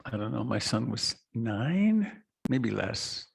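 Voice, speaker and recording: A middle-aged man giving a reflective meditation talk, slow and soft, with long pauses and trailing lines. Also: mid-range voice, big pitch swings, creaky, husky. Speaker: meditation teacher. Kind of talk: dharma talk.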